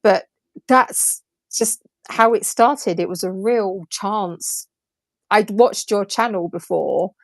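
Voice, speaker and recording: Woman co-host, giggly storyteller, dry phone audio, mid-pitched. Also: slow, vocal fry, dry recording. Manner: chatty storyteller who laughs often. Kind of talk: casual livestream chat.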